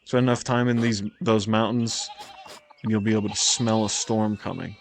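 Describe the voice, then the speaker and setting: A man's voice: fairly low pitch, level tone, normal speed, gravelly, slight background noise. A man reading the lines of a friendly young male farmer's son in a video game, plainly.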